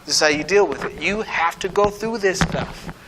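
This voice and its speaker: A man's voice: high voice, moderate pace. A man preaching a conversational sermon, playful and sarcastic, often checking in with his listeners. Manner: conversational preaching, keeps asking "right?". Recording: noisy hall with long reverb.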